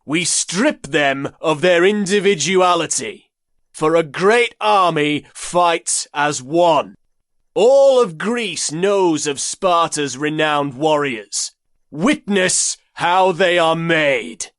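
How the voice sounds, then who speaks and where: Man doing a gruff Spartan commander, loud, high-pitched strain, slow declaiming, audiobook. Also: expressive, no echo, clean studio sound. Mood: commanding. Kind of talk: audiobook character voice.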